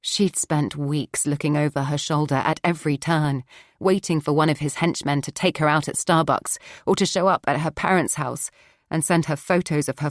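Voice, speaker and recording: A woman narrating a thriller audiobook in the third person, measured and steady. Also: low-pitched, no room sound, studio quality.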